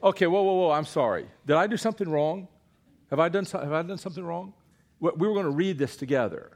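A preacher from Eastern North Carolina, his voice a little high and his pace quick, delivers a sermon in church and coaxes the congregation to read scripture aloud with him. He starts out playful and coaxing, then turns hushed and earnest.

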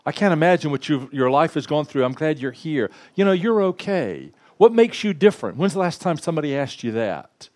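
A man preaching a sermon in a lively, conversational way, with asides to the congregation. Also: fairly high pitch, fairly quick, hardly any pauses. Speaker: pastor.

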